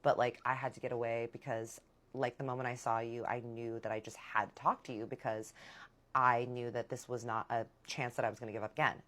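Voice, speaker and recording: A woman doing a charming tipsy young guy, deeper than her own voice, soft, coaxing, quiet. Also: little pitch movement, a little fast. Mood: confessional. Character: smooth-talking, tipsy young man charming his date.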